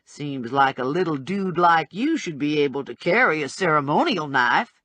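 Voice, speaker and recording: A woman voicing a brash, streetwise female bounty hunter who talks in blunt slang with a slow drawl, for an audiobook. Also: deep voice, animated, fairly bright tone, no echo, voice pushed down. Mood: sassy.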